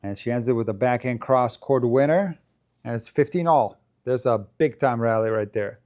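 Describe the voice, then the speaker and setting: A man hosts a casual live stream, calling a tennis match shot by shot. His voice is mellow and warm, and his chatty delivery lifts at the big points. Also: mid-range voice, moderate pace. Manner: chatty play-by-play, rising in excitement at big points. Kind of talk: casual live watchalong commentary.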